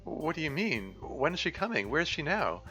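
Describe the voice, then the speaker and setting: A man's voice: on the high side, very animated, a little fast, bright, forceful tone, faint music behind, pitched above the performer's own voice, exaggerated voice. Man voicing an insistent game club leader girl. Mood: demanding. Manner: insistent, pressing questions. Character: intense, demanding teenage girl club leader.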